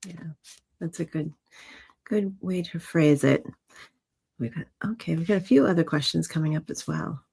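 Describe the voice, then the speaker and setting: A woman's voice: sits low, moderate pace, creaky, long pauses, a little mellow, breathy edge. A woman co-hosting a livestream, chiming in casually with short remarks. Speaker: co-host. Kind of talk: casual chat.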